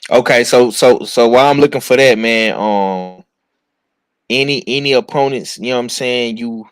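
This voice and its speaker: A man's voice: medium pitch, moderate pace, smooth, dry recording. A man hosting a casual sports chat, laid-back and drawling, often repeating himself. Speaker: host.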